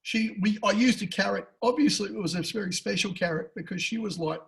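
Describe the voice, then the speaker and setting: Rowdy Australian man with a high voice. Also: brisk, creaky, few pauses, rough recording. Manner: loud, crude and excitable, swears a lot. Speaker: podcast co-host. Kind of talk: casual betting tips chat.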